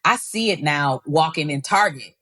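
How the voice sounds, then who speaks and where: A woman's voice: sits low, expressive, moderate pace, pushed and bright, no room sound, clean studio sound. A woman who leads an education nonprofit, speaking passionately and emphatically as a guest in an interview. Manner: passionate, emphatic, with repeated restarts. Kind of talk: conversational interview.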